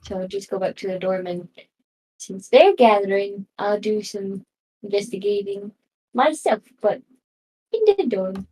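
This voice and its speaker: Woman at a tabletop game, soft mellow voice, kinda unsure. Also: mid-range voice, expressive, measured pace, poor audio. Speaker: player.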